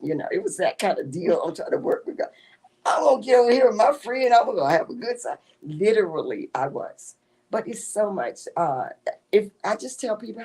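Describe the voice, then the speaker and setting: A woman author, a guest in a casual interview, telling animated stories and often breaking into laughter. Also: fairly low pitch, slightly rough. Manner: animated storytelling with frequent laughter.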